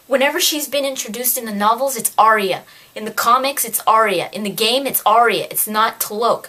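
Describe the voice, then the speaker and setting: A woman giving a casual spoken book review, ranting in an exasperated, animated way. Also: fairly high pitch, moderate pace.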